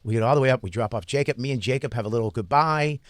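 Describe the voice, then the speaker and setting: A man telling a story on a podcast in a casual, profane, animated way, laughing often as he goes. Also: medium pitch, rapid-fire, no echo, clean studio sound. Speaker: podcast host, comedian.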